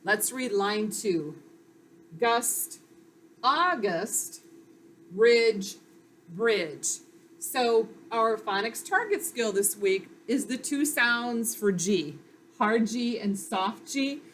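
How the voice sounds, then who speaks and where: A woman's voice: a little high, animated, drawn-out words, fairly bright tone, a little hiss or hum. A woman teacher giving a patient phonics lesson to young children, sounding out letters and praising them.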